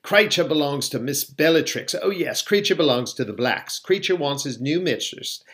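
A man voicing a resentful male house elf who croaks and shrieks the same refusal over and over. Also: on the high side, animated, moderate pace, a bit bright, pitched above the performer's own voice. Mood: sulky. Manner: repetitive stubborn chanting.

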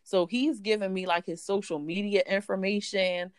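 A woman guest telling a personal story in an animated way, acting out the voices of others. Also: medium pitch, normal speed, clean tone, no echo, clean studio sound. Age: adult. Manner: animated, acts out voices in quotes. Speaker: interview guest.

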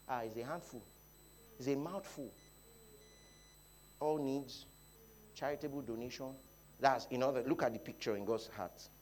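A Nigerian man preaching a sermon, dropping to quiet talk and rising to loud shouts, often repeating his phrases. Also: mid-range voice, a little hiss or hum. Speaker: pastor. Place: church hall.

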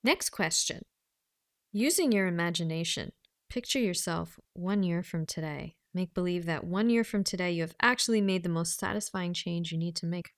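A woman's voice: fairly low pitch, moderate pace, no echo, studio quality. A woman, a personal coach, talking casually to the camera, reading questions aloud and thinking through her answers with frequent laughs and asides.

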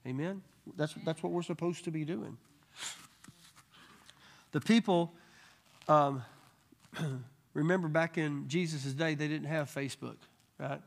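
A man with a somewhat high voice teaches a church Bible study group. He tells healing stories with animated energy and slips into quick quoted voices. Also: creaky.

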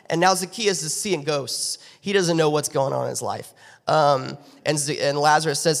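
A man's voice: a little high, moderate pace, creaky. Male youth pastor telling a story. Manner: animated retelling with character voices. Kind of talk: sermon storytelling. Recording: long reverb of a church hall.

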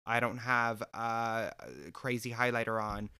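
A young man telling a story in a sassy, animated and profane way, straight to camera. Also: mid-range voice, a little slow, clean tone. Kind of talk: storytime vlog.

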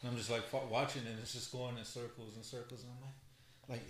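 A man on a casual podcast telling a childhood story, animated and swearing a lot. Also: medium pitch, fast talker. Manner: animated, swears a lot, laughs through stories.

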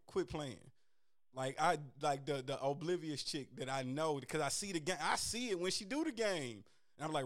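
Casual male talker, slightly high, animated and profane, rambling delivery. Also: moderate pace. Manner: animated, profane, swings loud and high when worked up. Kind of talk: casual chat.

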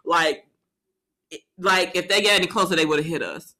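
Animated woman telling a story. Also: fairly low pitch, moderate pace. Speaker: podcast co-host. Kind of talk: casual storytelling chat.

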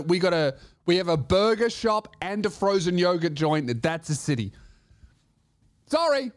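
A man giving a comedic podcast monologue as host, ranting sarcastically and swearing freely. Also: high voice.

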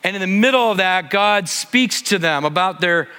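A man preaching an expository sermon as a pastor, conversational and building to animated emphasis. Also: sits high, normal speed, clean tone, in a large hall.

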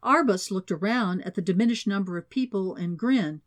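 A woman reading a thriller audiobook as narrator, in a steady, even reading voice. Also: medium pitch, normal speed. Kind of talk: scripted narration.

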